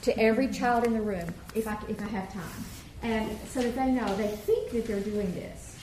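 A children's choir director leads a teacher workshop demonstration, walking through warm-ups and singing vowels. Her medium-pitched voice moves at a normal speed. The echoey room carries faint ambience and a little hiss or hum.

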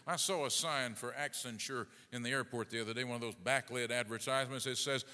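A middle-aged male pastor preaching a sermon, swinging between booming emphasis and hushed asides. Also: steady tone, fast talker, few pauses. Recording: long reverb of a large hall.

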